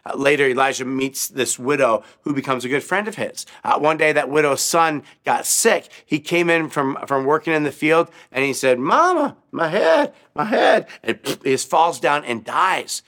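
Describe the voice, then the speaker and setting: A man preaching a sermon, telling short stories in an animated way and asking his listeners questions as he goes. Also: mid-range voice, normal speed, few pauses. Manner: animated, asks the audience questions, acts out crowd voices. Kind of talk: children's sermon storytelling.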